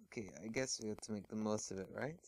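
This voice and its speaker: A man's voice: on the low side, fast, darkish tone, close to an everyday voice. Twilight Spider, a timid pony-turned-spider girl, read by a man. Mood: unsure. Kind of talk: casual read-aloud of fan fiction.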